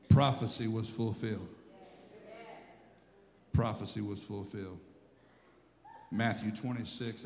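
A man preaching a sermon as pastor, animated, shouting and acting out quotes, now and then laughing at himself. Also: on the low side, big-room sound. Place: church sanctuary.

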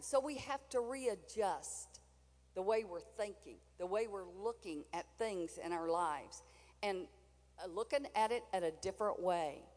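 A woman's voice: mid-range voice, in a large hall. An older woman preaching a sermon in a chatty, folksy way, with asides to the congregation.

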